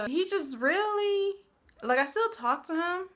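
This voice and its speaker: A woman in her twenties telling a story to the camera in a blunt, animated, slangy way. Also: very high voice, slow. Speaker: vlogger. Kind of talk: casual storytelling.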